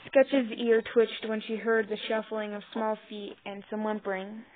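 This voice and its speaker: A woman reading a fan fiction story aloud, halting and restarting over words, on a tinny phone-like mic. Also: medium pitch, level tone. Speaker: narrator.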